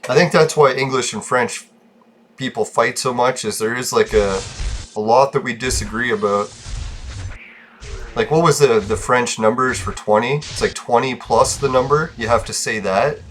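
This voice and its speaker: A man's voice: medium pitch, normal speed, a bit bright, a little hiss or hum. A man hosting a gaming channel, chatting casually and rambling, swearing freely and laughing often.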